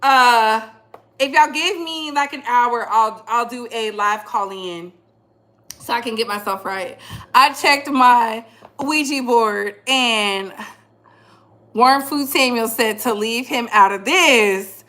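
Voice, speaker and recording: This livestream host's voice is slightly high with a sharp tone, and she takes her time. Chatting casually with viewers, she uses slang and bursts into frequent, hearty laughter.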